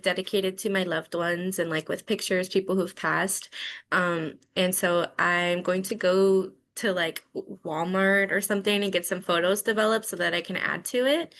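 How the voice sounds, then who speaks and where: A woman chatting with a group about her plans in a relaxed, easygoing way. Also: medium pitch, creaky. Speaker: group member. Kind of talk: casual sharing in a group.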